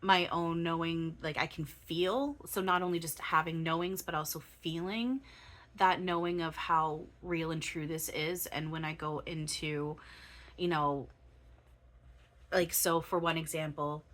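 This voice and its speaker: A woman in her thirties talks to her own camera in a loose, searching way, pausing often with ums as she looks for her words. Her voice sits very low and still sounds freshly woken. It comes across as an unscripted spiritual monologue. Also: steady tone, fairly bright tone. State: voice still waking up. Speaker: spiritual channeler.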